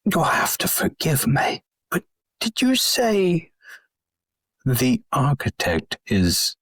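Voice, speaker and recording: A man's voice: a little high, wildly swooping pitch, slow, a bit bright, slightly rough, no echo, clean studio sound, voice pushed up, full character voice. A man voicing a polite young man who has barely come of age, hesitant and formal. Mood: curious.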